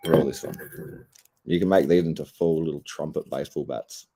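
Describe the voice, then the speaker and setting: Australian man, stoned, very low voice, dark mellow tone, rambling, swearing, laid-back livestream chat. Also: fairly even intonation, normal speed, slightly rough. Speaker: streamer.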